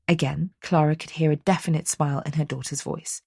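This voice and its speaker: Female audiobook narrator, measured storytelling, low-pitched, husky. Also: fairly even intonation, darkish tone, dry recording, studio quality. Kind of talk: scripted narration.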